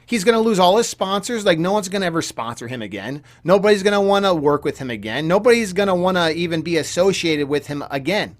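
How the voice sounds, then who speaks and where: A man's voice: sits high, lively intonation, quick pace, hardly any pauses. A young man delivering a casual commentary rant, heated and repetitive, with frequent stammering restarts. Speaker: gaming YouTuber commentator.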